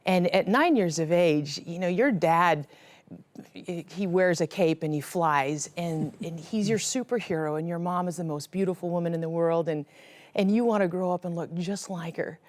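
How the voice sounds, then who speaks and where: A middle-aged woman giving an earnest, emotional personal testimony, her voice sinking to a hushed whisper at the painful moments. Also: lowish voice, moderate pace, no echo. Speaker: guest sharing her testimony.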